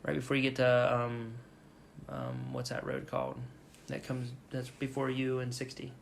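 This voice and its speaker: A young man co-hosting a podcast, telling a story casually and with lots of swearing, shouting out the lines he quotes. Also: mid-range voice, normal speed, vocal fry, slight background noise. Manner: profane, animated retelling with loud shouted quotes. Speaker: podcast co-host.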